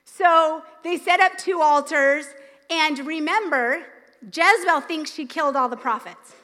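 A woman pastor preaching a sermon, retelling scripture in an animated way with acted quotes. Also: sits high, a little slow, in a large hall. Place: church sanctuary.

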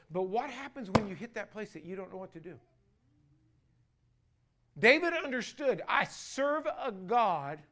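A man with a fairly high voice preaches a sermon to his congregation, his volume rising and falling as he leans hard on key phrases. He stretches out important words slowly and has the people repeat lines back to him. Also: fairly bright tone. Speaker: pastor.

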